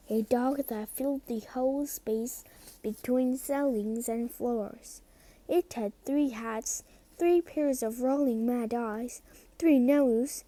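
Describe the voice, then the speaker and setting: A woman's voice: fairly high pitch, dark tone. A woman reading a storybook aloud, carefully and at times in a whisper. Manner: slow, careful, sometimes whispered. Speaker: reader.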